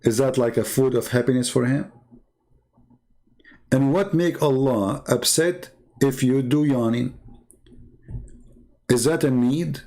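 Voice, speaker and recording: Brief: male debater, gravelly, mid-pitched, mocking and argumentative, non-native English phrasing. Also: mellow. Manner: mocking rhetorical questions. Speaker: Christian debater.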